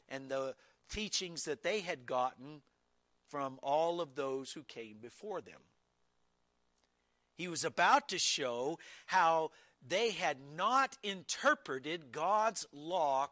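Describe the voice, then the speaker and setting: A man preaching a sermon, explaining scripture in an emphatic, deliberate way with occasional restarts. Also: a little high, sharp tone, dry recording. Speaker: pastor.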